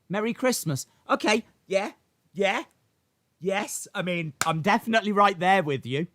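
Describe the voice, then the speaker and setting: A man's voice: high voice, lively intonation, measured pace, fairly bright tone, dry recording. A man hosting a casual live watch-along stream. He rambles, frets aloud and talks back to his chat.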